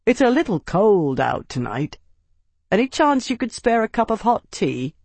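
Tavi-style young captain, as a narrator puts him on, calm drawl, wryly confident, commanding, dry close audiobook sound. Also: male voice, high-pitched, normal speed, vocal fry, no room sound, pitched above the performer's own voice, exaggerated voice.

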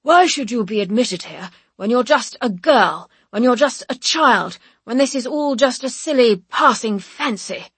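Stern, mocking examiners, loud and cutting, voiced by a woman narrator, dry sound. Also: a little high, lively intonation, unhurried, few pauses, husky, no room sound, exaggerated voice. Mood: scornful. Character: stern, scornful hospital examining board.

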